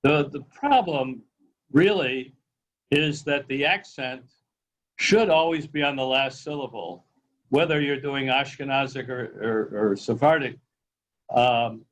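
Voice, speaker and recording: A man's voice: mid-range voice, takes it slowly, pauses often, rough recording. A man, a cantor, explaining and correcting points in a casual group discussion over a video call, speaking with some authority.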